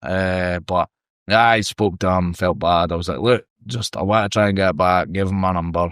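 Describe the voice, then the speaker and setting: A Scottish man spins a lively, sweary yarn in a casual podcast chat. His voice sits fairly low. The sound is dry and close, with no room echo. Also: moderate pace, clean tone. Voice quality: sweary, animated storyteller. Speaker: podcast guest. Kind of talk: casual storytelling.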